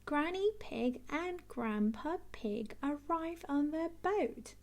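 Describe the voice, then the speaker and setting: A woman reading a children's picture book aloud, expressive and clear. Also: high voice. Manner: animated, expressive, slow and clear. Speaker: storybook reader. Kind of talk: read-aloud children's storytelling.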